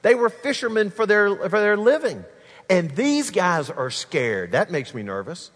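Animated high-voiced male preacher. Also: measured pace, in a large hall. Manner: animated preaching, addresses the congregation directly. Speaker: pastor. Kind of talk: sermon.

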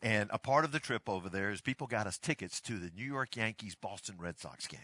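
A man who is a pastor giving a teaching talk, telling a story with animated, excited energy. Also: on the low side, a little fast, dry recording.

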